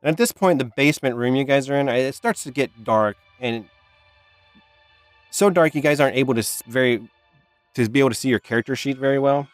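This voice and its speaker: A man's voice: medium pitch, no echo, faint music behind. A man narrating a tabletop game as dungeon master, often restarting and filling with "like". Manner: halting narration with restarts and fillers.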